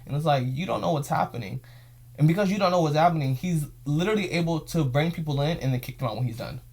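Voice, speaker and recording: A young man on his own show talks fast in a fairly high, gravelly voice with a slightly mellow quality, and the recording carries a little hiss or hum. He rambles emotionally through a story, repeating himself, vlog-style.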